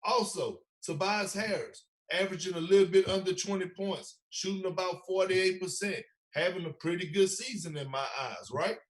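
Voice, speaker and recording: A man's voice: sits high, moderate pace, hardly any pauses. A man co-hosting a casual sports podcast, talking in an emotional, worked-up, opinionated way. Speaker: podcast co-host.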